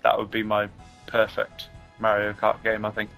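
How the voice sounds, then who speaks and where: A man's voice: on the low side, completely flat delivery, moderate pace, gravelly, a bit bright, faint music behind. A man co-hosting a casual podcast, chatty and teasing, with lots of fillers. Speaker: podcast co-host.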